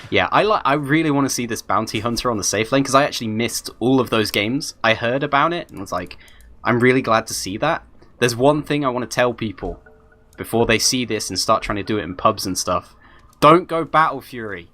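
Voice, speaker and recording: A man's voice: medium pitch, a little fast, sharp tone. A man doing live esports color commentary, conversational and analytical. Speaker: esports co-caster.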